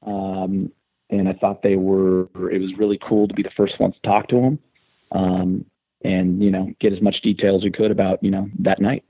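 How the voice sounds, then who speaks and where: A man, a sports radio host, retelling a story in casual podcast talk, getting animated and loud as he goes. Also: normal speed, husky. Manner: excited, animated retelling with rising pitch. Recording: tinny phone line.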